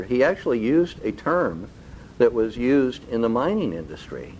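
A man preaching a sermon who keeps asking the congregation rhetorical questions and slows down to stress key phrases. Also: mid-range voice, big pitch swings, darkish tone, a little hiss or hum, low-quality recording. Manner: slow, deliberate emphasis on key phrases.

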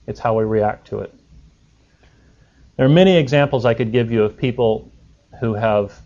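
On a dull lo-fi recording, a man with a lowish, darkish-toned voice delivers a sermon conversationally, asking his listeners rhetorical questions.

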